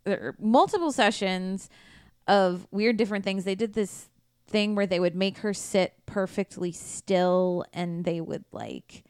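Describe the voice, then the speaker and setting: A woman's voice: medium pitch, a little slow, darkish tone, clear, resonant tone, no room sound, studio quality. A woman podcast host casually retelling a true crime case in a blunt, profane, conversational way.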